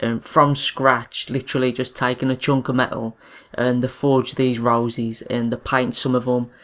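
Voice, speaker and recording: A man's voice: mid-range voice, normal speed. A man co-hosting a casual podcast, talking with enthusiasm in a loose way, full of fillers. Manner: enthusiastic but flat, fillers like "like" and "I don't know". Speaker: podcast co-host.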